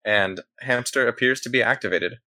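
A man narrating as game master of a tabletop role-playing game, in a quick, loose manner. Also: mid-range voice, bright, forceful tone, dry recording.

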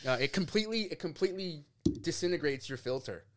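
A young man from Canada telling a story in casual podcast chat, animated and laughing, acting out quotes. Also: on the high side, quick pace. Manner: animated, laughs often, acts out quotes, swears. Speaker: podcast guest.

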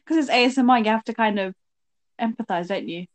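A woman's voice: fairly high pitch, quick pace, a little hiss or hum, rough recording. A woman in her twenties co-hosting a casual podcast, chatty and giggly, talking while she snacks. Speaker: podcast co-host. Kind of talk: casual chat. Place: home, lives in South London.

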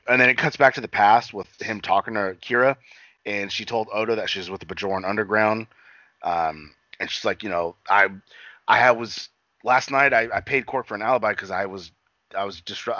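A man's voice: on the low side, sharp tone, no echo, muffled recording. A man casually recapping a TV episode in a rambling, profane chat full of fillers and quoted lines. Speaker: podcast co-host recapping an episode.

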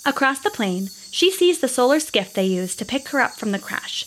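A woman narrating a scripted space adventure story in a steady, descriptive way. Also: a little high, normal speed, slight background noise.

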